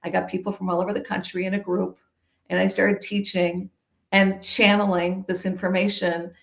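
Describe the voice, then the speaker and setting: Animated woman telling a story, roomy. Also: medium pitch, moderate pace, creaky. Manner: animated, emphatic storytelling with laughs. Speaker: guest. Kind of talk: storytelling in a podcast conversation. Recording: roomy, dull-sounding recording.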